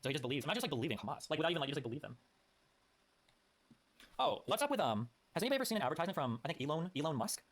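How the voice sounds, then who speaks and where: A man's voice: a little high, very animated, very fast, long pauses, fairly bright tone. A man streaming live, reading posts aloud and commenting bluntly with frequent swearing.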